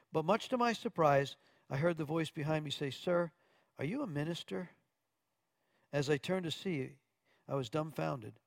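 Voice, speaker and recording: A man's voice: a little high, gravelly, no room sound. A man preaching from Arkansas, earnestly telling a testimony story with quoted dialogue and occasional stumbles.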